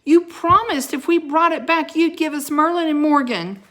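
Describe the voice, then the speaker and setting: A woman doing a high, pleading young girl. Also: moderate pace, fairly bright tone. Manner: pleading, insistent. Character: brave, earnest young girl.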